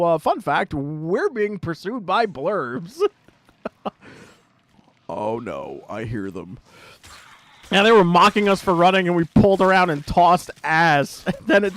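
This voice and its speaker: Animated, swearing male streamer. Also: a little high, dry recording. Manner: animated, swearing, laughing while retelling. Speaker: gaming streamer. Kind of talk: casual chat while playing a game.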